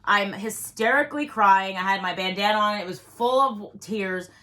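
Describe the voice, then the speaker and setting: A woman's voice: medium pitch, moderate pace. Rambling woman telling a story. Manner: rambling, animated, lots of "like". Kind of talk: casual storytelling chat.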